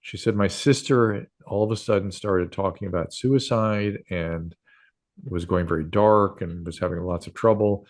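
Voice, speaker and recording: A man in his sixties with a fairly low voice, speaking as a guest on an interview show. He tells long stories in a loose, rambling way, full of fillers and restarts. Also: steady tone, moderate pace. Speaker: guest doctor and radio host. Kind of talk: casual interview storytelling.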